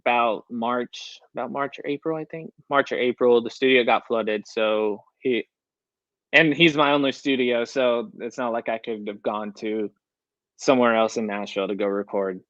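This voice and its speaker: A man's voice: mid-range voice, steady tone, normal speed, fairly bright tone, no room sound. Young guy, singer, chatty storyteller, keeps going "i was like", dry dull-ish audio. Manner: storytelling, quoting himself with "I was like" often. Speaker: country recording artist, guest. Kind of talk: casual interview chat.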